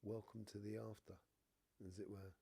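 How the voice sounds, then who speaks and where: A middle-aged spiritual reader hosts a live stream, reading viewer comments in a lowish, dark, husky voice with vocal fry, little pitch movement, and a moderate pace, with no room sound. He has a cough and a blocked nose, and rambles casually with lots of "you know" asides.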